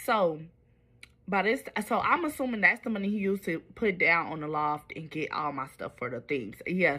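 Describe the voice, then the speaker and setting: A woman's voice: low voice, sharp tone. A woman telling a personal storytime to her viewers, candid and confiding, with wandering asides.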